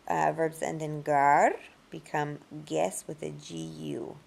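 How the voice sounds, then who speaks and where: A woman with a low, deeply gravelly voice teaches a grammar lesson. She speaks unhurriedly and patiently, working step by step through each rule. She pronounces the example words slowly and carefully. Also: little pitch movement, darkish tone. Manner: patient, explains step by step with examples in both languages. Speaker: Spanish teacher.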